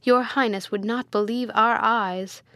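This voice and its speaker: A woman's voice: on the high side, fairly even intonation, unhurried, fairly bright tone, no room sound. A woman voicing a terrified rambling servant man. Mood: frightened. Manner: pleading, flustered, rambling.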